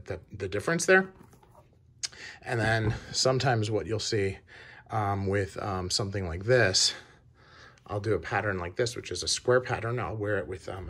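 A man with a lowish voice talks casually to camera about his collection. He speaks haltingly, stopping and restarting his sentences often. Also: breathy edge. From Wisconsin. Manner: halting, many fillers and restarts. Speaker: shoe collector vlogger. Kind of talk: casual show-and-tell.

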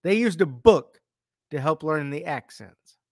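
A man's voice: a little high, animated, measured pace, no room sound, clean studio sound. A man co-hosting a podcast who heckles and mocks the others and reads fun facts in casual chat. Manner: mocking, heckling. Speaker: podcast co-host.

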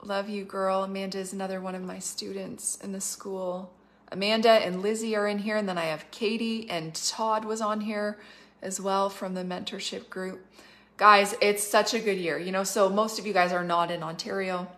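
A middle-aged woman from Canada giving livestreamed prophetic teaching, emphatic and fervent, slowing down to stress key phrases and rushing through asides. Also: medium pitch, level tone, a bit bright. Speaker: prophetic minister and school leader.

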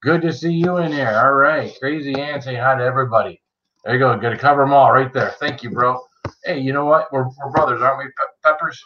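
A man's voice: mid-range voice, steady tone, fairly quick, muffled recording, slight background noise. A man hosting a casual livestream, greeting viewers by name in a chatty, joking way. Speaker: livestream host. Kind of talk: casual live-chat greetings.

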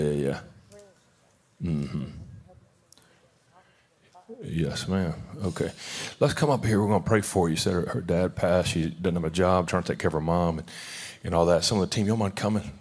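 A man's voice: low-pitched, moderate pace, pauses often, a little mellow, breathy edge. A man pastoring a church service, talking in an informal, heartfelt way with many restarts, then praying. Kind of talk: sermon and prayer. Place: church sanctuary.

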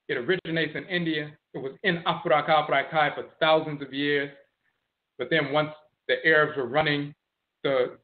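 A man giving a lecture on history and word origins, slowly explaining, repeating and spelling out terms. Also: fairly high pitch. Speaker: teacher of ancestral religion. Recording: tinny phone-like audio.

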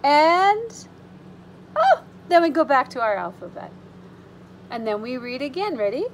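A woman with a high voice reads a picture book to small children, drawing out the words at an unhurried pace. She is animated and expressive, gasping and exclaiming at the pictures, then drops into soft, reassuring asides for her young listeners. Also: slight background noise, low-quality recording. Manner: animated storytime voice with gasps and exclamations. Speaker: preschool teacher.

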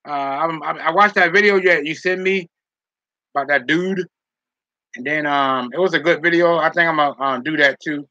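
A man's voice: a little high, moderate pace, bright, forceful tone, dry recording, lo-fi sound. A man on a casual live stream, reading chat comments aloud and teasing viewers with jokes and frequent laughter. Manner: teasing, joking, laughs often.

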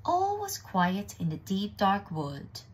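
A woman reading a children's story aloud in a hushed, expressive way, with some passages whispered. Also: mid-range voice, takes it slowly, slightly rough.

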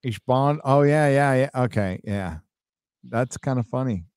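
A man chatting casually as a guest, making quick, animated asides. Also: mid-range voice, clean tone, dry recording, studio quality. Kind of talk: casual chat.

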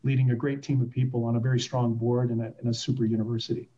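Animated storytelling man, mellow voice. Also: mid-range voice, racing, highs cut off. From Canada. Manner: animated, acts out quoted voices. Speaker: guest. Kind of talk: casual interview storytelling.

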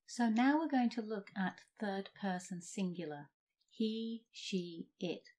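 A woman teaching English grammar, reading example sentences slowly and deliberately. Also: mid-range voice, lively intonation, darkish tone. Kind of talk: slow scripted grammar lesson.

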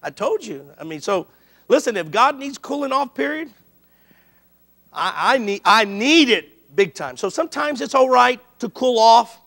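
A middle-aged man preaches a sermon in a high, bright voice with a gravelly edge. He tells stories lively and animated, slipping into the voices of the people he quotes. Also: measured pace. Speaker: pastor.

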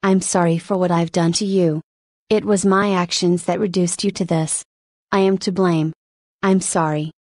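A woman's voice: fairly low pitch, steady tone, moderate pace, darkish tone, no echo, clean studio sound, close to an everyday voice. A woman voicing a guilt-ridden male test subject who earnestly blames himself. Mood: pleading. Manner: earnest, pleading self-blame.

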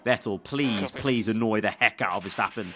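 A young man commentating live as he plays a racing management game, excitable and talking to himself. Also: fairly low pitch, normal speed, slight background noise. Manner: excitable, talks to himself while managing the race. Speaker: gaming YouTuber.

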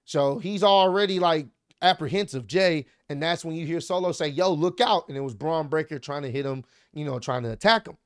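A fairly high-voiced young man talks through a wrestling match as the host of his own show, getting more and more worked up as he tells it. He swears freely and drops into slang, and his voice sits dry and close with no room around it. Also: brisk, clean tone, no echo. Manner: excitable, animated play-by-play with swearing and slang. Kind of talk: casual wrestling recap.

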